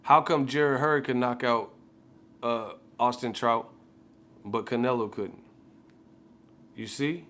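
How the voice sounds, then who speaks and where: A man's voice: mid-range voice, takes it slowly, pauses often, a bit bright. A man ranting casually as a boxing commentator, heated and profane, repeating himself. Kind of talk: casual rant.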